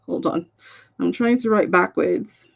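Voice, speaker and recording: A woman's voice: medium pitch, takes it slowly, creaky, muffled recording. A woman reading cards on a live stream, chatting casually and muttering to herself while she sorts out links. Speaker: live card reader. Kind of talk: casual livestream chat.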